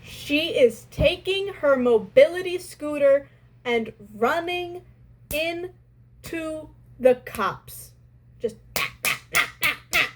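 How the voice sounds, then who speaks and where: A young adult woman casually telling a story from her restaurant job, animated and exasperated. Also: high voice, low-quality recording.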